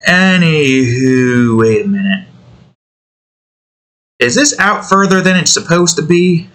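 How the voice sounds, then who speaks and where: A man with a bright, forward voice talks his way through building a game. He is from the United States and rambles casually, cracking jokes and swearing. He chats to the pieces on his screen as if they could hear him. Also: fairly high pitch, big pitch swings, takes it slowly. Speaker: hobby game developer.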